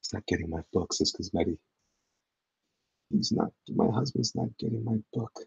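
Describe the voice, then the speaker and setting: Gravelly, husky man chatting on a livestream. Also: sits low, moderate pace, dry recording, low-quality recording. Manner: rambling and self-deprecating, talks to chat. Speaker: comic artist livestreaming while drawing. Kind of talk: casual livestream chat.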